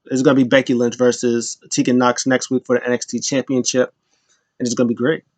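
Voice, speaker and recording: A man recaps wrestling in a loose, rambling way, acting out the lines people said. His voice sits at a middling pitch. The sound is dry, with no room echo. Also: flat delivery, fairly quick. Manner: loose, rambling retelling that acts out quotes.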